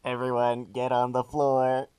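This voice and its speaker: A man's voice: mid-range voice, completely flat delivery, a little slow, darkish tone, smooth, no echo, voice pushed down, close to an everyday voice, low-quality recording. A man voicing a flamboyant male DJ villain in a giant robot suit, drawing out his words. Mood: partying.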